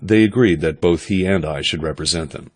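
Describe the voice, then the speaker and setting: A man doing steady, measured first-person audiobook narration. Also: deep voice.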